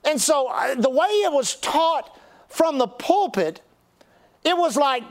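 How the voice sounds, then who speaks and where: A man's voice: very high voice, big pitch swings, normal speed. An older man, a pastor telling a folksy, humorous story in a sermon, with lots of restarts. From Texas.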